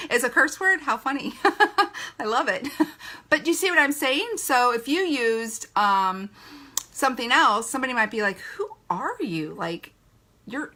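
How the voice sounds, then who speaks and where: A chatty woman running a live team training, her voice bright and forceful and pitched a bit high. She talks in a playful, loose way and often breaks into laughter. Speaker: direct-sales team trainer.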